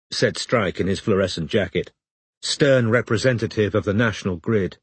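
A man narrating an audiobook in a measured, even reading. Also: fairly low pitch, husky, no room sound.

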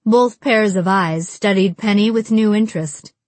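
A woman reading an audiobook in a wry, measured narration style. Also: medium pitch, darkish tone, no echo.

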